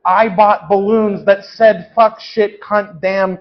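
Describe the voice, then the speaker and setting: A man's voice: sits high, fairly even intonation, slow pace, muffled recording, pitched above the performer's own voice. Man playing an indignant customer demanding a refund. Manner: loud, indignant, repetitive complaining. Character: indignant man returning rude balloons. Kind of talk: live improv comedy.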